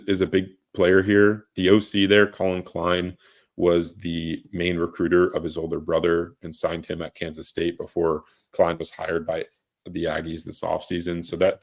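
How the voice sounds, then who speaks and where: Young male co-host, low-pitched, casual and halting with lots of restarts. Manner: halting, many restarts and fillers. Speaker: recruiting reporter, podcast co-host. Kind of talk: casual podcast chat.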